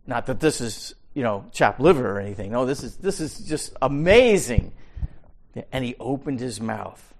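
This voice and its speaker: A man leads a Bible study in an unhurried, deliberate way. His voice is gravelly with a mid-range pitch. He is emphatic, repeats his key words, and swings between quiet asides and loud pronouncements. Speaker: Bible teacher.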